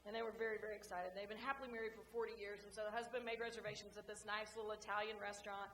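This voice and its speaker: A woman coach giving an after-lunch club speech, telling a joke story in a folksy, lively way. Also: mid-range voice, very fast. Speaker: guest speaker, women's basketball coach. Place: large banquet room. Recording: echoey room, faint hum.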